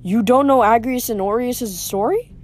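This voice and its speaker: A woman reading the part of a smooth, scheming teenage boy villain in an audiobook, with a mocking manner. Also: on the high side, normal speed, a little mellow, slight background noise, natural voice.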